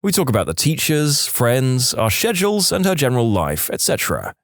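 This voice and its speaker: A man narrating reddit-style stories in an expressive, scripted storytime manner. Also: medium pitch, fairly quick, dry recording, clean studio sound. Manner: lively, expressive reading.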